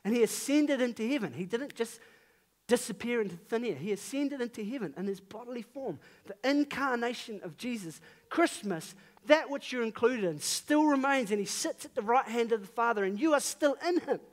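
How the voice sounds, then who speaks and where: A man's voice: very high-pitched, expressive, normal speed. A man in his thirties with a New Zealand accent, preaching a sermon in an earnest, conversational way with emphatic rises on key phrases.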